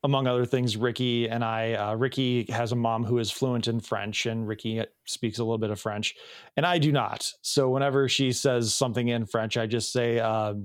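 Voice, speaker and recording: A man's voice: medium pitch, steady tone, moderate pace, no room sound, studio quality. A man in his thirties from the Chicago area, co-hosting a podcast and recapping a TV episode in casual, rambling chat with many ums and restarts. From Chicago area, USA. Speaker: podcast co-host.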